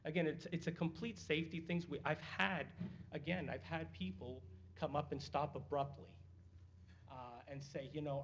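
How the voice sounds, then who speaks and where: Nervous, halting man pleading at a council meeting. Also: fairly high pitch, steady tone. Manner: nervous, halting, many fillers and restarts. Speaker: resident speaking at a council meeting. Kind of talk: public deputation. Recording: dull lo-fi meeting audio with faint noise.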